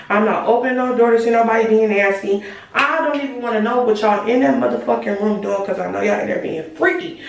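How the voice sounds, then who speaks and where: A teenage girl telling a story to her viewers in a lively, profane, chatty way, talking straight to the audience as y'all. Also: on the high side. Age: late teens. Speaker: storytime vlogger. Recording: very echoey room, voice far from the mic.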